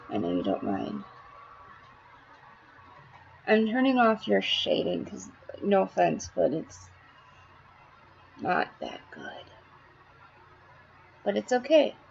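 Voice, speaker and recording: A slightly hoarse woman giving a rambling, blunt art tutorial, swearing casually as she works. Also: mid-range voice, a little mellow, highs cut off, a little hiss or hum.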